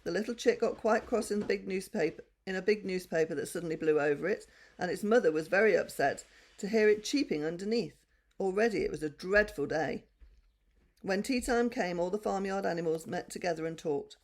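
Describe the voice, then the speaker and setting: An older woman reading a bedtime story aloud to children, gentle and expressive. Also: on the low side, brisk.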